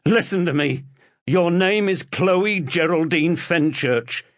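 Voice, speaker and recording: A man's voice: on the high side, takes it slowly, no echo, highs cut off, voice pushed up. Man playing a desperate pleading detective father. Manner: pleading, urgent, strained. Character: desperate middle-aged male detective father.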